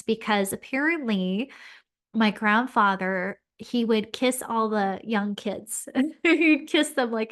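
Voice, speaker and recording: A woman hosting a podcast who tells a personal story in an earnest, heartfelt way, often using "um" and "like". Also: a little high. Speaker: podcast host and spiritual medium.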